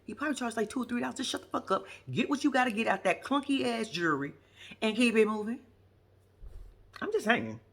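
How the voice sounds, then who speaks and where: A sassy woman with a husky voice dishes blunt, profane commentary while recapping a reality show. Her pitch swings widely, jumping high for her asides. She talks casually and holds nothing back. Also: fast. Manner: lively, swoops high for asides.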